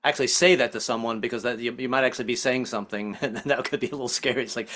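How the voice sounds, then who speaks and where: A man performing a stand-up comedy set, animated and self-deprecating, slipping in and out of character voices. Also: medium pitch, racing, hardly any pauses. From Southern United States family. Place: online virtual comedy show.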